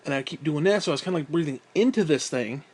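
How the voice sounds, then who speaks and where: A man's voice: on the high side, expressive, quick pace, a little mellow, husky. Profane, exasperated man ranting casually. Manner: profane, exasperated and self-mocking, with frequent sighs. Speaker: vlogger. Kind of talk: casual rambling monologue.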